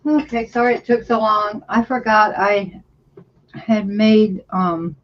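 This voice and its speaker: A woman's voice: mid-range voice, fairly even intonation, slow pace, muffled recording. A woman from America hosting a casual livestream chat, speaking hesitantly with many fillers and frequent laughs. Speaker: livestream host.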